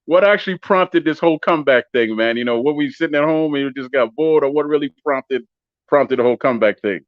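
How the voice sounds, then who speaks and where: A man's voice: on the high side, fast, no room sound. A man in his fifties co-hosting an interview, friendly and chatty with lots of fillers. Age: 50s. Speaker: co-host. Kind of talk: casual interview talk. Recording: dull lo-fi call audio.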